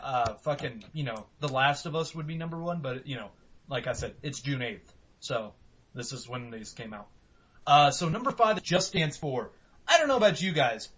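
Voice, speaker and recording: Profane, animated young podcast host. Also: male voice, on the high side, slightly rough. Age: young adult. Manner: profane, rambling, animated, laughs often. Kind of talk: casual podcast chat. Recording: dull lo-fi podcast audio.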